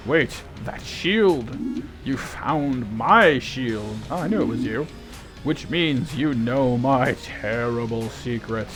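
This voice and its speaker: A man's voice: medium pitch, lively intonation, slow pace, fairly bright tone. A man voicing a resentful, disgraced old male knight in a video game, with a lofty, theatrical delivery. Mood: indignant. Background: game music.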